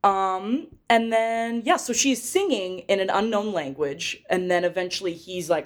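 A woman's voice: medium pitch, moderate pace, few pauses. Chatty young woman recapping a movie. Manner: chatty, giggly, rambling with fillers. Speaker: podcast host. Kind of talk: casual movie recap chat.

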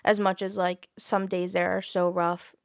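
A woman in her twenties co-hosting a casual podcast chat, talking fast with lots of "like" fillers. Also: fairly low pitch, little pitch movement, dry recording, studio quality. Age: 20s. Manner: chatty, frequent "like" fillers, laughs while talking. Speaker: podcast co-host.

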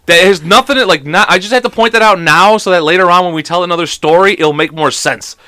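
Young man, podcast co-host, casual chat, high voice, bright, dry close sound, laughs a lot. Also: fast, dry recording. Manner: rambling storytelling, laughs often, swears freely.

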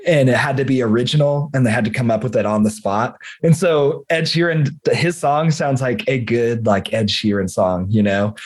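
A man's voice: mid-range voice, moderate pace, hardly any pauses. A man in casual chat, talking loosely with lots of filler words. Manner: laid-back, many "like"s and "dude"s.

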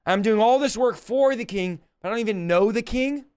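A man's voice: high-pitched, a little fast, a little mellow, clear, resonant tone. A middle-aged man preaching a sermon and praying, impassioned and pleading, often acting out both sides of a dialogue. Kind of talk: sermon with prayer.

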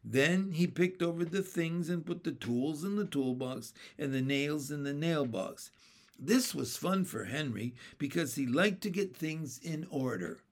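A man reading a children's chapter book aloud in a steady, plain storybook narration. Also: a little high, a little slow.

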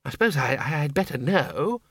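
A man's voice: fairly high pitch, very animated, moderate pace, creaky, fairly bright tone, slightly rough, no echo, exaggerated voice. Guy doing a fretful old zombie wizard, stammery, voice bouncing up and down, dry sound. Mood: flustered. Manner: hesitant, stammering. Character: elderly male zombie wizard, timid and fretful.

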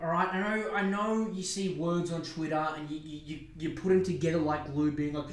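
A man's voice: on the high side, fairly even intonation, brisk, few pauses. A young Australian man hosting a casual solo podcast, sarcastic and profane, wandering into rambling asides. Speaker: podcast host. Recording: echoey room.

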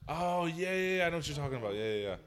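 Animated, laughing podcast guy. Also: a little high, rapid-fire, a little hiss or hum. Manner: animated, laughs a lot, profane. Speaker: podcast co-host. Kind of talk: casual group chat.

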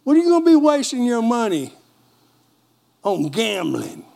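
A sly, tempting devil, voiced by a male preacher, pokes at you with nagging, scolding questions. The voice sits high for a man. He sounds like a doubter whispering in your ear. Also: sing-song, moderate pace, vocal fry, darkish tone, heavily acted. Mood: needling.

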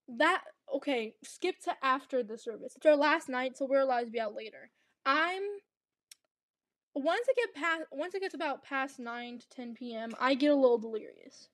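A young woman co-hosting a casual podcast, her voice high and chatty. She rambles through her story with plenty of restarts. The sound is dry and close, with no room echo. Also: a bit bright. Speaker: podcast co-host. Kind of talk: casual chat.

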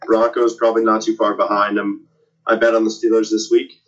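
Man, low voice, dull lo-fi audio, panelist, plainspoken. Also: completely flat delivery, brisk, a bit bright. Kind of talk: casual sports talk.

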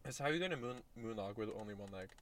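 A man chatting casually with a friend in a parked car, animated and quick to laugh, swearing now and then. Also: on the low side, slight background noise. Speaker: podcast co-host.

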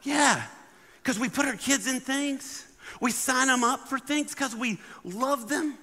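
A man giving a humorous sermon as a guest speaker, animated and acting out the people in his stories. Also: extremely high pitch, a little slow. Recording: long hall reverb.

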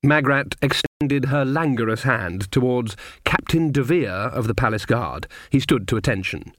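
Brief: male audiobook narrator, wry and measured, dry studio sound. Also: mid-range voice, animated, a bit bright, no echo. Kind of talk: scripted narration.

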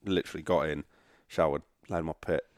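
Deep-voiced man bantering. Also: steady tone, quick pace. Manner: matey, sweary banter. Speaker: podcast host. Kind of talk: casual podcast interview.

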